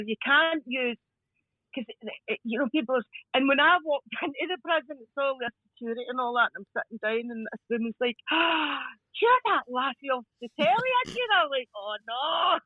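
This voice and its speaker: A woman's voice: a little high, no echo, narrow, tinny audio. A middle-aged Scottish woman, a podcast guest, telling stories in a casual, laughing way and swearing freely. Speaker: guest, crime scene cleaner.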